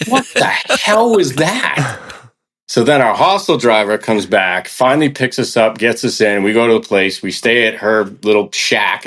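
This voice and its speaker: Guy on a podcast telling a wild trail story, low voice, does the voices of people he met. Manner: animated, acts out quoted people. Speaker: hiker guest on a podcast. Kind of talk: casual storytelling.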